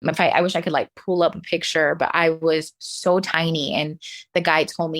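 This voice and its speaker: A professional dancer, a woman with a low-pitched voice, chats as a guest in a casual interview at a moderate pace. She is animated, laughs often, and acts out the things people said to her in their voices.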